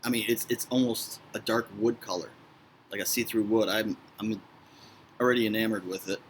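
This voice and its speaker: A man's voice: lowish voice, fairly even intonation, moderate pace, slight background noise. A man with a Chicago accent, a guest on a casual whiskey review, talking in an enthusiastic, chatty way. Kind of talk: casual tasting review chat.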